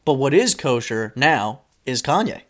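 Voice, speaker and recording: A man's voice: mid-range voice, very animated, unhurried, fairly bright tone. A man co-hosting a casual podcast, teasing his friend, rambling through stories and swearing freely. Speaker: podcast co-host. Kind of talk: casual chat.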